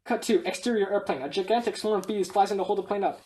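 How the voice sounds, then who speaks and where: A woman reading a film script aloud, stage directions included, in a brisk, matter-of-fact way. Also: mid-range voice, mellow.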